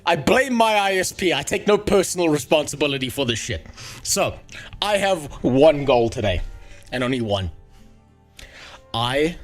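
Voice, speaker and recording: Angry, profane male streamer. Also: medium pitch. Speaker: livestreamer. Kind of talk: casual live-stream chat.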